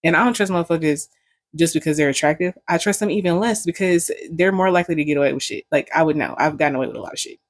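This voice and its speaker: A woman's voice: low voice, racing, dry recording. Young woman vlogger, casual storytelling, profane and joking, dry close sound.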